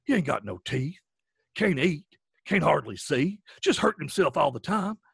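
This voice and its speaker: A man voicing a gruff, callous rural ranch hand with a Southern Appalachian accent. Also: a little high, sing-song, moderate pace, no room sound, clean studio sound, heavily acted. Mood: blunt, pushy.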